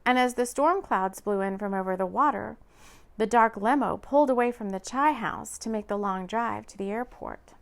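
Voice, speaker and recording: A woman narrating a romance audiobook in an expressive, lively reading. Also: mid-range voice, normal speed, gravelly.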